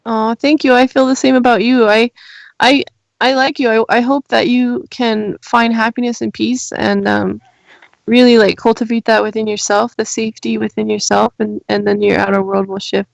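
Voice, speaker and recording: A young woman with a soft, calming way of talking, chatting casually and giggling often. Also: fairly high pitch, moderate pace, creaky, no echo, highs cut off. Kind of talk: casual chat.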